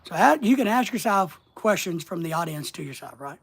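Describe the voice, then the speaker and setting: Husky-voiced man coaching with rhetorical questions. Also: sits high, animated. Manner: folksy, asks the audience rhetorical questions, slow deliberate pauses. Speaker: social media coach. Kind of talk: motivational instructional monologue.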